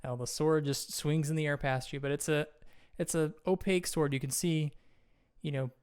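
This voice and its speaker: A man running a tabletop game as game master, narrating the action and checking rules in a steady, descriptive way. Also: a little high, moderate pace, smooth.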